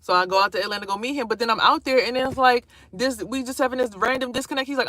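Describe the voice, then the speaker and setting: A woman vlogger telling a personal story in a casual, animated way, swearing freely and acting out what people said. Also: fairly high pitch, racing, few pauses, no echo. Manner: animated, profane, acts out quotes.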